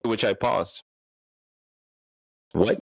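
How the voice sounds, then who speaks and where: A man's voice: low-pitched, animated, normal speed, fairly bright tone, no room sound, highs cut off. A man telling a casual, rambling, self-deprecating story about a bad date, full of fillers and restarts.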